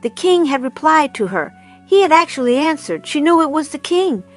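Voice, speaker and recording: A woman narrating a storybook aloud in a calm, even storytelling manner. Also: sits high, moderate pace, faint music behind. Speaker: reader. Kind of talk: audiobook narration.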